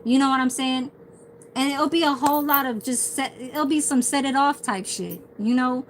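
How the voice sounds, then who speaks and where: A woman's voice: high-pitched, normal speed, a little hiss or hum, poor audio. A woman ranting casually on a livestream, swearing heavily as she tells a rambling story.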